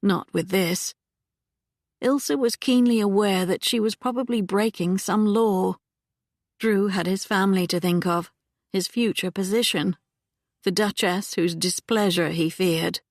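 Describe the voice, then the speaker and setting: A woman narrating a historical romance audiobook in a calm, measured manner. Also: fairly low pitch, dry recording, clean studio sound. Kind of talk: scripted narration.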